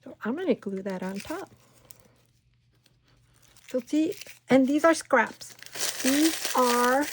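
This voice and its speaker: A woman hosting a casual crafting tutorial at home, chatting and talking herself through each step, sometimes dropping to a soft whisper. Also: high voice, animated, slow pace, long pauses, slight background noise. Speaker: craft channel host.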